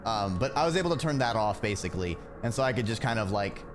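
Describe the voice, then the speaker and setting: A man's voice: lowish voice, expressive, fast, music in the background. A man streaming a video game, chatting casually and playfully, muttering to himself as he plays. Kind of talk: casual gameplay chat.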